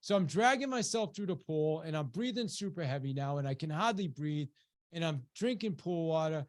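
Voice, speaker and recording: Guy giving a webinar, slightly high voice, chatty and animated storytelling, lots of restarts and "you know". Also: moderate pace. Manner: acts out quoted voices, rising sharply when quoting a shout. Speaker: webinar presenter and business coach. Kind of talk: motivational storytelling to an audience.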